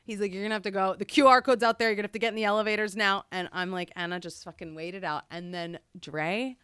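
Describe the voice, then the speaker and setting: A woman co-hosting a comedy podcast over a video call, telling a story in a casual, animated way and acting out the quotes. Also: mid-range voice, fast, smooth, no room sound, clean studio sound. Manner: animated, acts out quotes in shifting voices. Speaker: podcast co-host and impressionist. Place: home setup on a video call.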